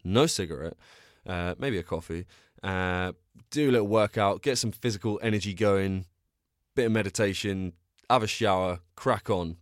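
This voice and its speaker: A man's voice: lowish voice, no echo, studio quality. A young man hosting a solo podcast, chatting casually in a rambling, self-deprecating way and telling stories with bursts of energy. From England. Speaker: podcast host.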